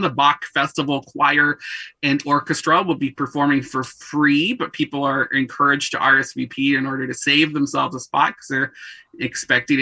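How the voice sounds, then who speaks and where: A playful man runs through the weekend's local events on a talk show, joking between items. His voice is very bright, with a slightly husky edge, and the studio sound is dry and close. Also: mid-range voice, dry recording. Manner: playful, jokey, quick to laugh. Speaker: events segment regular on a radio show. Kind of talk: casual chat, rundown of local events.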